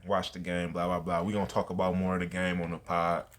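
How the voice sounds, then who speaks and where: A man's voice: low-pitched, completely flat delivery, quick pace, a little hiss or hum. A man hosting a podcast, telling a story in a laid-back, slangy way with plenty of fillers. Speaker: podcast host. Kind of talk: casual storytelling chat.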